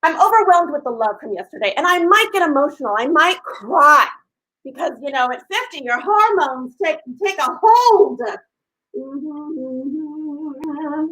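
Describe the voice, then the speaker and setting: A woman in her fifties hosting a casual live stream, gushing and talking loudly to her viewers. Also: high voice, very animated, normal speed, rough recording. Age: 50s. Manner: effusive and gushing, talks loudly.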